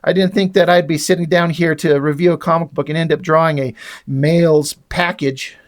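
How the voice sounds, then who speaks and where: A man's voice: on the high side, fairly even intonation, fairly quick. A man casually reviewing a comic book and sketching on it as he talks, sarcastic, rambling and profane. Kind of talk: casual video review, drawing while talking.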